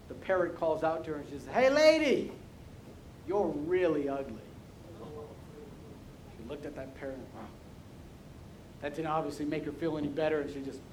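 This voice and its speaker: High-voiced emphatic male preacher. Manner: emphatic, storytelling, repeats words in restarts. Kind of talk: sermon. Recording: roomy hall with faint rumble.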